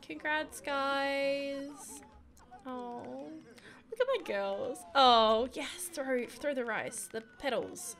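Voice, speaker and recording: A woman's voice: high voice, drawn-out words, fairly bright tone, faint music behind. A young woman giving chatty, giggly commentary while playing a life-sim game. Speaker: gaming video creator. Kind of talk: casual gameplay commentary.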